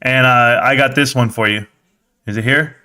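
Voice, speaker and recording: A young man hosts his live stream in a loose, rambling rant, swearing as he goes. His voice is bright and forceful at a middle pitch. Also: fairly even intonation, normal speed.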